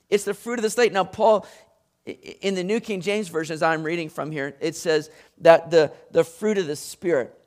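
A man preaching a sermon in an animated, conversational way, sometimes acting out voices. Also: high voice. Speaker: pastor.

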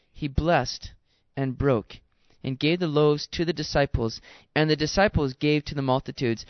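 Earnest preacher man, fairly high voice. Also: no room sound. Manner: earnest, exhorting, addresses listeners as guys. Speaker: pastor. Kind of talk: sermon. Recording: dull dry sound.

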